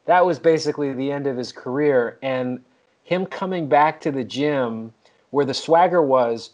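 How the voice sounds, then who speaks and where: Man, podcast host, medium pitch, casual chat, wry. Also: moderate pace, darkish tone, highs cut off.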